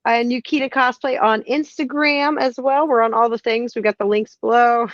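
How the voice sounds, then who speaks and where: A woman's voice: on the high side, fairly even intonation, normal speed, no room sound. A woman podcast co-host, bubbly and laughing often, signing off the show. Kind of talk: casual podcast chat. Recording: slightly dull lo-fi sound.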